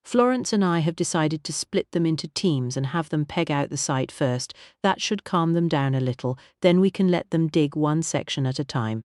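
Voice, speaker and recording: A narrator voicing Percy, a well-bred lady archaeologist who talks in a cheerful, animated way. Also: medium pitch, moderate pace, hardly any pauses, no room sound, clean studio sound, lightly acted. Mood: eager. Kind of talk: audiobook character reading.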